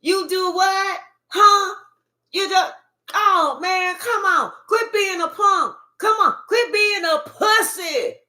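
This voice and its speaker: Give me a woman playing a scornful friend jeering loudly in a high, bright voice. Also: slow, roomy sound, full character voice. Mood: mocking. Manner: laughing, jeering, shouting. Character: mocking male friend, loud and scornful.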